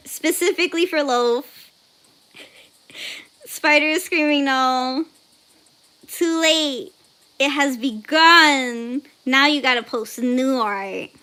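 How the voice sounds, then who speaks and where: A young woman with a high, bright, forceful voice hosts an art livestream. She chats casually, reads chat messages aloud, laughs often, and squeals when surprised.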